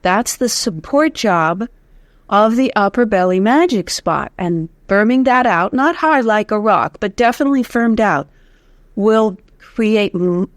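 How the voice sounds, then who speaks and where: This woman's voice sits at medium pitch, captured dry with clean studio sound. A voice teacher being interviewed, she lively explains the vocal folds and breath support, demonstrating each point and counting out loud through breathing exercises.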